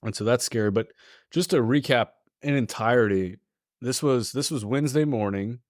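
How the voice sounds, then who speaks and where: A man's voice: medium pitch, moderate pace, a little mellow, no echo, clean studio sound. A man co-hosting a podcast, rambling and recapping in a loose, playful way. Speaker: podcast co-host. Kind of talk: casual podcast chat.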